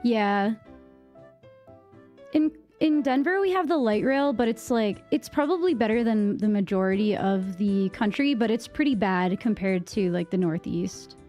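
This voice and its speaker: A young woman from Massachusetts with a Boston accent, chatting casually with her stream viewers, rambling with lots of fillers, on a boom-arm mic at home. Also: expressive, a little slow, mellow, faint music behind. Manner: rambling, many fillers and restarts. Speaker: live streamer. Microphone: microphone on a boom arm.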